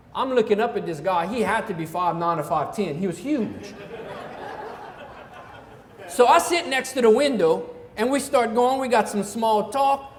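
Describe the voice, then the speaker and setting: A man's voice: sits high, roomy sound, big-room sound. A man with a Cajun accent from Louisiana, telling a comic story on stage in a folksy way. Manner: folksy, repeats "I said" as he tells the story. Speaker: comedian. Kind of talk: stand-up storytelling.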